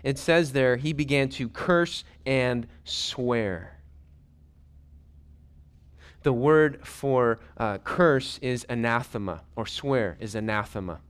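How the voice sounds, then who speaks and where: A male pastor preaching a sermon in a conversational, animated way, with folksy asides, who drops to hushed whispers when quoting. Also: mid-range voice, slow, smooth.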